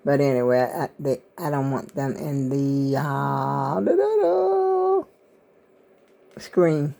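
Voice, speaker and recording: A woman's voice: a bass voice, level tone, unhurried, creaky, warm tone. An older woman vlogger, rambling in casual chat to her viewers. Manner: rambling, chatty, talks to viewers as y'all.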